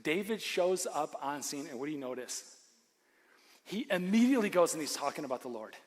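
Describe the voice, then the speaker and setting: High-voiced animated preacher in a big hall. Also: male voice, fairly quick. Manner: animated, swings from loud to hushed, joking asides. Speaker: pastor. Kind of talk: sermon. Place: church. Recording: long hall reverb.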